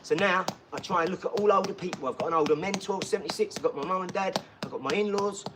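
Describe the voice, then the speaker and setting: A man's voice: high voice, fast, heavy background noise. A man chatting on a live stream from his garage gym, talkative and boastful, full of enthusiasm and rambling asides. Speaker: fitness streamer.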